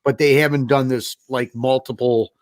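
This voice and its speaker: A man's voice: mid-range voice, moderate pace, dry recording, studio quality. A man co-hosting a casual livestream chat, talking loosely and repeating himself as he thinks. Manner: relaxed, rambling, repeats words. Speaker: co-host.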